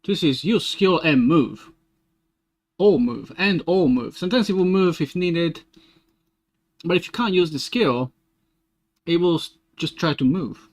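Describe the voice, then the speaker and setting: A man streaming game development, thinking aloud in a casual, halting way as he works through code. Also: fairly high pitch. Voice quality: muttering to himself, halting restarts.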